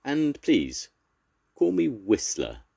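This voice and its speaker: An older man voicing a polite, dignified male heron in a storybook, courteous and calm. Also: mid-range voice, slow pace, vocal fry, breathy edge, voice pushed up, exaggerated voice.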